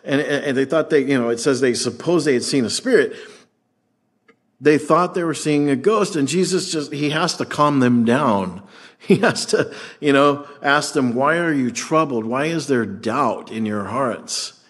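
Preaching at a slightly slow pace with a medium-pitched voice, a pastor keeps his sermon conversational and lively. He acts out the voices as he reads from scripture.

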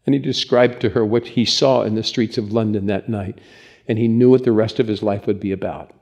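A man's voice: on the low side, fairly even intonation, fairly quick, a little mellow. A man preaching as a pastor, telling stories in an earnest, conversational sermon, likely in a church.

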